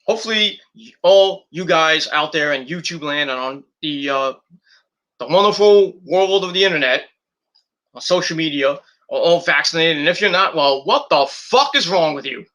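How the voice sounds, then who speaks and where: A man rants casually from home at night, blunt and full of swearing. His voice is bright and sharp, sits a little high, and swings widely in pitch. Fillers and restarts run all through his talk. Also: expressive, moderate pace. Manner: blunt and profane, with frequent fillers. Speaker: podcast host. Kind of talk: casual ranting monologue.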